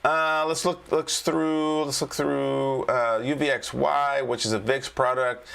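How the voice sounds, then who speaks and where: A medium-pitched man with a creaky, slightly bright, clean voice talks a little slowly with little pitch movement. As coach on a casual trading livestream, he rambles and repeats himself, coaxing the chat with "all right?".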